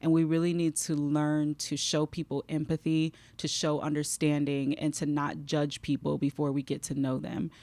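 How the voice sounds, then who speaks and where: Low, gravelly-voiced woman podcast host. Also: little pitch movement, normal speed, few pauses, dry recording. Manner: warm, emotional, fighting back tears. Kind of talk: heartfelt podcast conversation.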